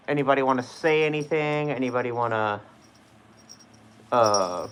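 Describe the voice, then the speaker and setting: A man's voice: medium pitch, a bit bright, clear, resonant tone. A man in a fursuit, chatting casually on a live stream, hesitant and full of fillers as he asks viewers for questions. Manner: hesitant, filler-heavy, trailing off. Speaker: fursuit livestreamer. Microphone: wearing a fursuit head.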